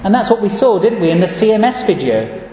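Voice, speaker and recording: Man, preacher, earnest sermon, higher voice, booming church echo. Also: very animated, mellow, slight background noise. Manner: earnest, measured, reads scripture verses aloud. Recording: echoey church hall.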